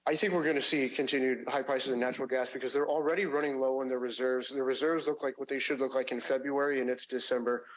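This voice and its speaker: A man giving a finance report at a public agency meeting, with a measured delivery and frequent fillers and restarts. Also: mid-range voice, fairly even intonation, low-quality recording.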